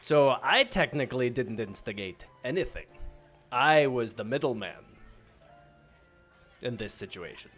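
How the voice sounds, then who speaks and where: A man's voice: medium pitch, animated, measured pace, long pauses, a bit bright, soft background music. A man playing a tabletop game, chatty and joking as he describes his character's actions. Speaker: player. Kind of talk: casual tabletop role-play.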